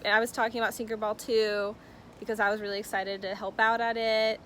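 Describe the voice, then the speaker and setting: A woman's voice: a little high, level tone, a little fast, slight background noise. A young woman telling a personal story-time on her vlog, bubbly and giggly, often saying "like" and "oh my gosh". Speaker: vlogger.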